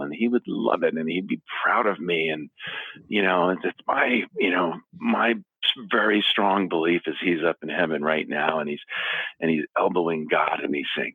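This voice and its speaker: Middle-aged man, low and husky, heartfelt and halting, on a phone call. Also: no echo. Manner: earnest, halting with restarts, walking while talking. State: teary. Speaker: interview guest, foundation founder. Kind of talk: emotional phone interview. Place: his office. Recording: phone line.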